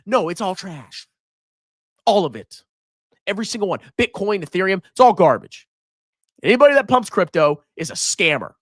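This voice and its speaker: A man hosting a finance livestream, ranting and mocking in an animated voice that swings between loud outbursts and mutters. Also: high-pitched, no room sound, clean studio sound. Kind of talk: livestream rant and stock commentary.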